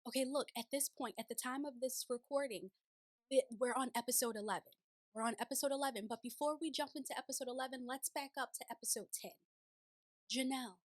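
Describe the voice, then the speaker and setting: A woman hosting a casual recap of a TV show, chatty and animated, slipping into playful voices when she paraphrases. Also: high voice, quick pace, no echo. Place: city home, sirens outside.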